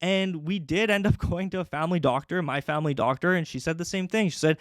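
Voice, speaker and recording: Chatty young man, slightly high voice. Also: fast, hardly any pauses, no echo, clean studio sound. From Canada. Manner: chatty, many fillers. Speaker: podcast host. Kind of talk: casual storytelling.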